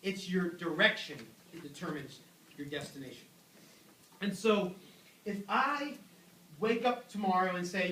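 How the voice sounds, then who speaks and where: High-voiced young man preaching in an echoey room. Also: a little slow, long pauses, distant mic, a little hiss or hum. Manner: animated, joking, acts out voices. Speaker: youth pastor. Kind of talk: youth sermon.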